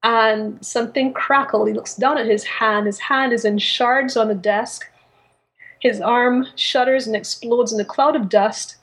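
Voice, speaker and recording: A woman with a fairly high voice co-hosts a casual book podcast. She retells stories in an animated way, stumbling through fillers and restarts as she goes. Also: a little slow. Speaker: podcast co-host.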